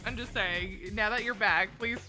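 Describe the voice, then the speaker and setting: A woman's voice: mid-range voice, normal speed, over music. A woman co-streamer chatting casually, teasing the others and giggling often.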